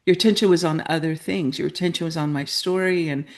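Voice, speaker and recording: Speaking fast in a low, steady voice, a middle-aged woman from Canada shares her story with earnest conviction during an interview. When she quotes people, she performs their lines.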